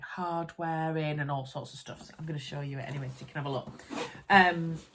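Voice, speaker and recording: A chatty woman with a Yorkshire accent talks to camera from her home sewing room. Her voice sits a little low for a woman, and her bubbly, easily excited manner carries through a relaxed unboxing chat. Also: breathy edge. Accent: Yorkshire English. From Yorkshire, England. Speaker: sewing vlogger. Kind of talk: casual chat while unboxing.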